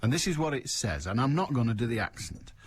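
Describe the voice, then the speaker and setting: A man's voice: medium pitch, sing-song, fast, slightly rough. A man hosting a radio call-in show, chatting casually with wry, rambling asides and reading material aloud.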